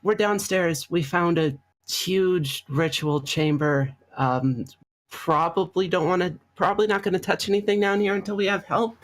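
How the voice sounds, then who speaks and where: A tabletop player on voice chat, asking halting questions full of ums. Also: mid-range voice. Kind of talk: tabletop game over voice chat.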